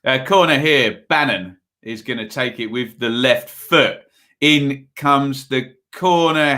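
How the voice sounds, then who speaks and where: A man's voice: medium pitch, pushed and bright. Chatty man hosting a football watch-along. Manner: casual play-by-play mixed with reading viewer messages; rambling and chatty, with frequent fillers. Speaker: live stream host.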